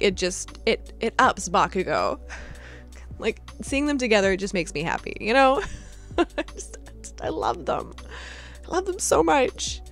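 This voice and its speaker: A young woman in casual vlog chat about her collection, gushing and giggly, full of fillers. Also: a little high. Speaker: vlogger. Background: soft lo-fi music.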